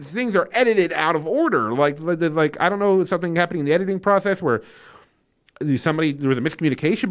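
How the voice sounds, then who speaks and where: With a fairly high-pitched voice, a man gives a casual spoken movie review, incredulous and exasperated, rambling with fillers and restarts and swearing freely.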